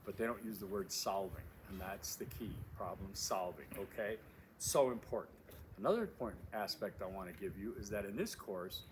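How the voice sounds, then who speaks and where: This fairly low-pitched man speaks fairly quickly while introducing his course in a casual video shot at a windy outdoor overlook. He's emphatic, repeats his main phrases and uses many fillers, and wind can be heard throughout.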